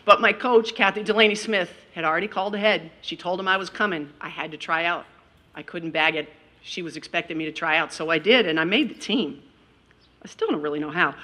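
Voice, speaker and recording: A woman's voice: lowish voice, sharp tone. A middle-aged woman giving a graduation speech, telling stories with self-deprecating humor and calling out people in the audience. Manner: calls out audience members directly. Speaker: commencement speaker. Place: graduation ceremony.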